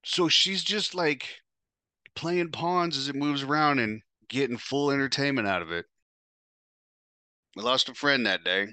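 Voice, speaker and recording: A man's voice: mid-range voice, a little slow, pauses often, pushed and bright, clear, resonant tone, no echo. A podcast host telling his own story in the first person, blunt, profane and emotional.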